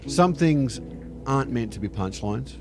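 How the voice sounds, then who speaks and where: A man's voice: medium pitch, animated, measured pace, a little mellow, a little hiss or hum. A man with an Australian accent narrating a scripted video with a wry, joking delivery. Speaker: narrator of a video being reacted to. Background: music.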